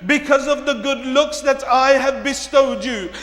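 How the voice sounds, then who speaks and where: High-voiced man preaching in an echoey hall. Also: a little slow. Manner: dramatic storytelling with rising shouted peaks. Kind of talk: sermon. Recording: echoey hall, long reverb.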